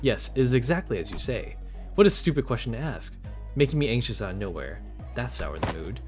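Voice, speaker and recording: A man's voice: mid-range voice, sing-song, brisk, soft background music, natural voice. A man voicing an arrogant, scheming young male villain in a game, with a sneering, haughty manner. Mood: smug.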